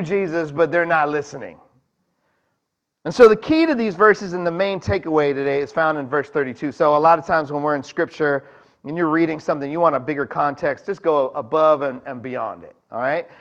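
A man preaching to his congregation in a relaxed, conversational sermon, pausing to ask the room questions and slipping into the voices of the people in the story. His voice sits a little high for a man. The recording is dull and lo-fi. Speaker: pastor.

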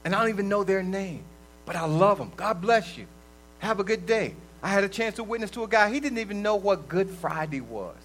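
A man with a fairly high voice preaches a sermon in a loose, conversational way. He swings between loud bursts and quiet asides. A faint electrical hum sits under the recording. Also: fast, low-quality recording. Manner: lively, conversational preaching with sudden loud outbursts and soft drops. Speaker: lay preacher. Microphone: livestream recording.

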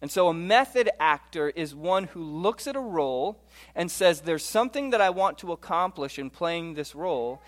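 A man's voice: fairly high pitch, animated, normal speed. A man in his thirties giving a conversational presentation to a live audience, often asking them questions and saying "okay". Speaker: speaker addressing a live audience.

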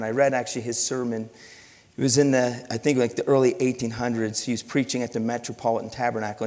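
Pastor preaching in a reverberant hall. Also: male voice, medium pitch. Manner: animated storytelling with many restarts and repeats. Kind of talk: sermon. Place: church sanctuary. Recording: long reverb of a church hall.

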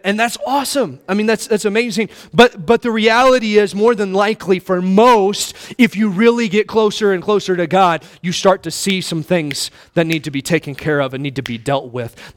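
A middle-aged male pastor preaching a sermon in a church, impassioned, swinging from loud to hushed, repeating words and calling listeners friend. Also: fairly high pitch. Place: church sanctuary.

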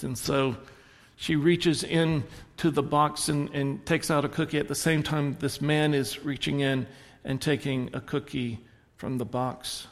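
A man preaching in a church, telling stories and swinging between soft reflective moments and animated punchlines. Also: fairly high pitch, measured pace, few pauses, long reverb tail. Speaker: pastor. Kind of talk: sermon. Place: church sanctuary.

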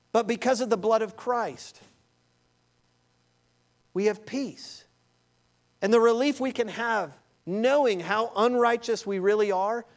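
High-voiced animated male preacher. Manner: animated storytelling, addresses listeners as beloved. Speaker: pastor. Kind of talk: sermon.

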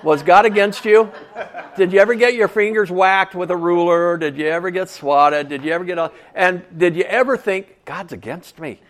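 Man, pastor, sermon, conversational, questions to congregation, fairly high pitch. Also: steady tone, moderate pace. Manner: repeats key phrases for emphasis.

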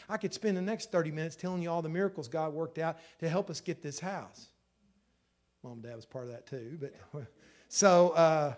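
A middle-aged man, preaching a sermon in an emotional storytelling way that swells loud at the peaks. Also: a little high. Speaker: pastor.

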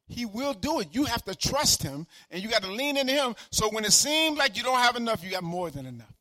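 Older male pastor, fiery repetitive sermon delivery, high bright voice. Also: big pitch swings, fast talker, hardly any pauses, no echo, studio quality. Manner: fervent preaching, swings from shouting to quiet asides; repeats phrases for emphasis.

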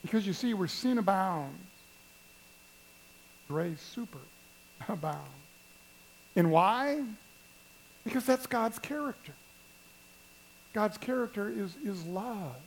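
A pastor preaching a sermon at a church service, telling stories and addressing the congregation with emphasis. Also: male voice, high voice, lively intonation, slow, pauses often, slight background noise, poor audio. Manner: storytelling, emphatic, speaks to the congregation.

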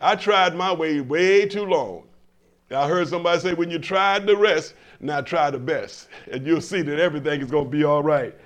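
A man's voice: fairly high pitch, normal speed. An older man preaching a sermon to a congregation, with stammered restarts, emphatic swells and call-and-response questions. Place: church in front of a congregation.

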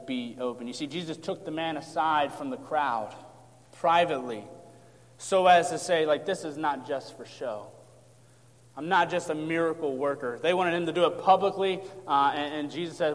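A man preaching an expository sermon, calm as he explains and rising to impassioned emphasis. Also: on the high side. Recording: long hall reverb.

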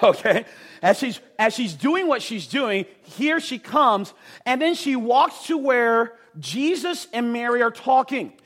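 A man preaching a sermon, talking emphatically with casual jokes and frequent asides to the crowd. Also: very high voice. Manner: animated, emphatic, jokey, talks to the crowd with "right?".

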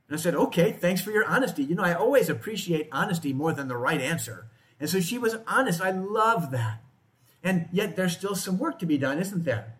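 A man's voice: sits high, lively intonation, brisk, fairly bright tone. A man preaching a sermon to a congregation in a church, in a conversational way, often asking his listeners questions. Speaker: pastor.

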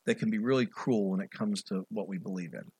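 A middle-aged male pastor preaching an animated sermon, swinging between loud, raised passages and quiet asides. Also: on the low side, a little fast, slightly rough, no echo.

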